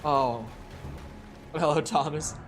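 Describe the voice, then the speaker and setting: A man's voice: on the high side, slow, faint music behind. A man chatting casually with viewers during a live gaming stream, rambling and swearing freely. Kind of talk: casual live-stream chat while playing.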